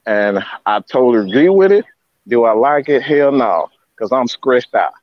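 A man co-hosting a fan sports show from home, hoarse after losing his voice, stammering and distraught. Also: lively intonation, moderate pace, no room sound, lo-fi sound. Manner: distraught, stammering, high-pitched outbursts. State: hoarse, lost voice. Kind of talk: emotional live sports fan chat. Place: at home, hot house.

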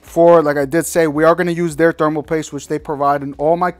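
A man's voice: on the high side, level tone, a little fast. A man walking viewers through installing a computer part, talking in a slangy, exasperated, ranting way. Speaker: tech reviewer. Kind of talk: casual product install walkthrough.

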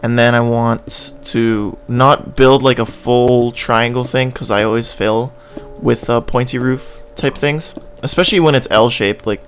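A man's voice: mid-range voice, fairly even intonation, measured pace, hardly any pauses, soft background music. A man with a Canadian accent giving casual gameplay commentary, rambling and joking as he plays and now and then humming little tunes. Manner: rambling and joking, hums and scats tunes while playing. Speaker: gaming channel host.

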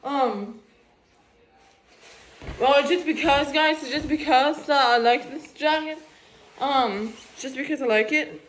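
High-voiced woman rambling on a walk. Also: takes it slowly, pauses often, a little hiss or hum. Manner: rambling, repeats "you guys" constantly. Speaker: vlogger. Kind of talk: casual walking vlog. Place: outdoors on a walk.

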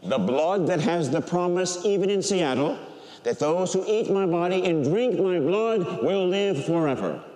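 An older man, a Catholic priest, preaching a sermon and telling a personal story with animated, emotional delivery that softens when he is moved. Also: high voice, unhurried. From United States. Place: large church. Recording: church hall reverb.

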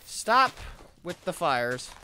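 A young adult playing a video game alone and commenting, excitable, talking to the game's animals and yelping when startled. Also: mid-range voice, extremely slow, a little hiss or hum. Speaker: let's play gamer.

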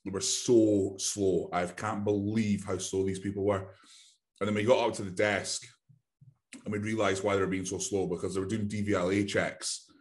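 Chatting casually on a podcast, a fairly low-voiced Glaswegian man from Glasgow, Scotland wanders through a tale, cursing freely and imitating the people he's describing. He talks at a normal speed with little pitch movement.

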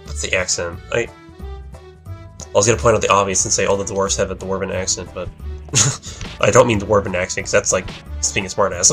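A young man in his late teens talks through a video game in a low voice. He mumbles and rambles, correcting himself as he goes, with faint game music under him. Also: fairly bright tone. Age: young adult. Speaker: let's play commentator. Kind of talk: casual gameplay commentary.

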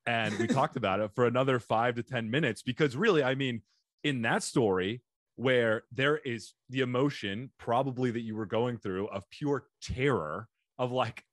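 A middle-aged man hosting a podcast interview, chatty and eager, laughing often. His voice sits at an ordinary pitch and is recorded close and dry, with no room around it. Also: dry recording. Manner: enthusiastic fan, laughs often. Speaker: podcast host. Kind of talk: casual interview chat.

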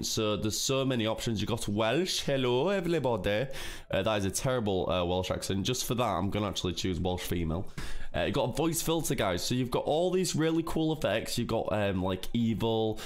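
A man streamer casually explaining a tutorial step by step, chatty and full of fillers, often calling his viewers "guys". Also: mid-range voice. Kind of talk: casual screen-recorded tutorial.

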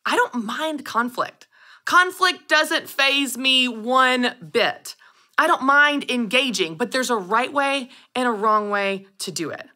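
A woman in her thirties hosting a solo podcast, telling personal stories with animated delivery and acting out quoted lines. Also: sits high, slow pace. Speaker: podcast host. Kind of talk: scripted solo podcast monologue.

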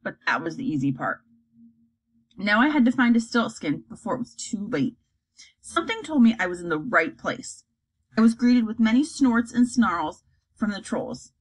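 Female storybook reader, animated and slightly husky, does the character voices herself. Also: medium pitch, moderate pace, low-quality recording. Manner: acts out characters, lively delivery. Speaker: audiobook reader.

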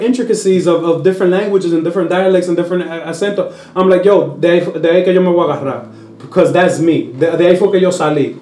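The voice is a man's, high-pitched, captured in an echoey room. He's a Dominican-born comedian chatting casually as a guest in an interview, animated as he switches between Spanish and English and puts on voices for his stories.

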